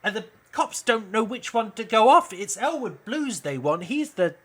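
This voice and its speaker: A British man with a bright, forceful voice tells a film pitch as an animated story, speaking a little higher than most men. He jumps into raised voices whenever he acts out the quoted lines. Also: moderate pace. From United Kingdom. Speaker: channel host pitching a film idea.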